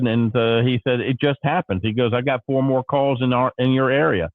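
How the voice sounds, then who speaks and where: A man hosting a casual morning show, telling a story with animated energy and acting out his own frustration. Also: medium pitch, moderate pace, no room sound, narrow, tinny audio. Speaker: show host.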